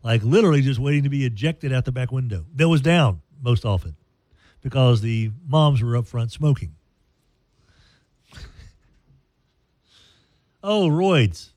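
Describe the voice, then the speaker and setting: A man's voice: mid-range voice, expressive, a little slow, long pauses, darkish tone, dry recording. Rambling joking male radio host. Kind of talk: casual radio chat.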